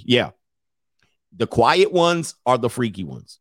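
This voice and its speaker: A man's voice: medium pitch, sing-song, slow, pauses often, dry recording, studio quality. A man hosting a stream, ranting comically in casual slang and laughing often. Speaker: streamer host. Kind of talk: casual comedic rant.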